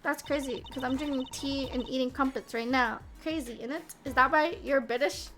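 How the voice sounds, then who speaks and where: A woman's voice: high voice, fairly even intonation, moderate pace, music in the background. A woman streamer chatting casually and playfully with her viewers, teasing them and asking how they are.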